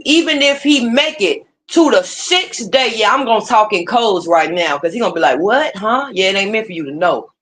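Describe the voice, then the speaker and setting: Woman streamer, fiery profane rant, lively swooping pitch, slightly high voice. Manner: profane, heated, repetitive. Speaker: livestream host. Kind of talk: casual ranting commentary.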